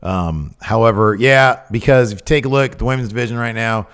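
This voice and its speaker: An excitable man co-hosting a podcast, talking in a loose, casual way. He laughs a lot and often trails off mid-thought. His pitch sits in an ordinary middle range. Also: brisk, smooth. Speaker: podcast co-host. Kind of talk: casual chat.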